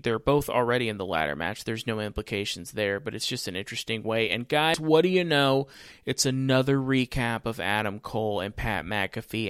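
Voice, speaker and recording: A man's voice: lowish voice, fairly bright tone, smooth, dry recording. A man giving casual live commentary on a wrestling show in a chatty way, often speaking straight to his viewers. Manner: chatty, addresses viewers directly. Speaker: wrestling watch-along commentator.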